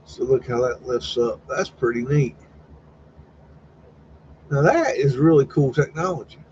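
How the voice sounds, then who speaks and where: A man's voice: medium pitch, measured pace, a little mellow. Guy just rambling casual on a livestream, swears a lot, kinda dull sound with a little hiss. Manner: folksy, swears casually, retells chats in quoted voices. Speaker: live stream host. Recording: slightly dull, faint background noise.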